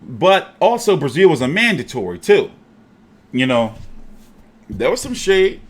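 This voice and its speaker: A man hosting a casual boxing show, talking in an animated, profane, jokey way. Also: fairly high pitch, a little slow.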